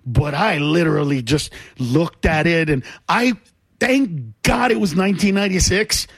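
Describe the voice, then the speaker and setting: A middle-aged man, a comedian guest, telling a story on a radio talk show with animated, loud outbursts. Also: a little high, moderate pace, vocal fry, slightly rough, no echo, studio quality. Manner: animated, bursts into loud exclamations.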